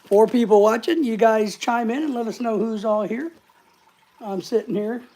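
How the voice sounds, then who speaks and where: A woman's voice: a little high, normal speed, mellow. Breathless woman hosting a casual live stream. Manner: rambling, greets viewers by name. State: short of breath.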